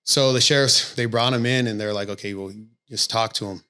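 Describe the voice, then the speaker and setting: A man's voice: mid-range voice, a little fast, pushed and bright, smooth. A man who coaches boxing, telling stories candidly in a casual podcast conversation and swearing often. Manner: candid storytelling with frequent swearing.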